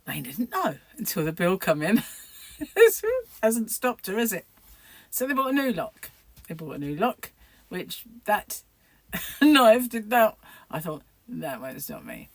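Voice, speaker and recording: A woman's voice: mid-range voice, sing-song, a little slow, long pauses, no echo. A middle-aged woman vlogging about crochet in a rambling, chatty way, laughing often. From United Kingdom. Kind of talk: casual chat to camera.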